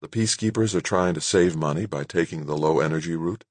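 A man voicing a composed woman head of state who asks measured, searching questions, read in an audiobook. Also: low voice, no echo. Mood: concerned.

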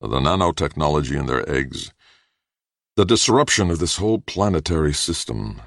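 A man with a very deep, gravelly voice voicing a somber older professor who mutters. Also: very animated, moderate pace, no room sound, clean studio sound, exaggerated voice. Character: older male professor, heavy-set, brooding.

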